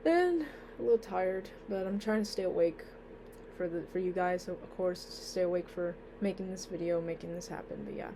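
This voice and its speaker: A woman's voice: lowish voice, a little fast, background noise. A young woman chatting casually in a vlog, rambling with lots of fillers and trailing off, sounding a bit sleepy and tired. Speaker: vlogger.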